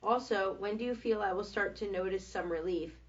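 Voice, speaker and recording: A woman co-hosting a live show, reading out viewer questions in a plain, steady way. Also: medium pitch, a little fast, dull audio.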